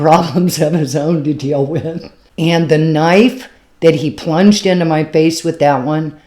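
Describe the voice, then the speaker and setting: A woman's voice: low voice, warm tone. A woman comedian telling a story casually, frank and self-mocking, with laughs slipping in. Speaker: stand-up comedian.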